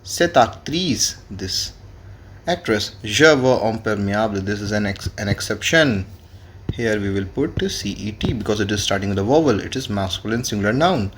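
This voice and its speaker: A man's voice: fairly low pitch, expressive, normal speed, a bit bright, a little hiss or hum. A man, teaching French grammar in a classroom lesson and spelling words out letter by letter. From India.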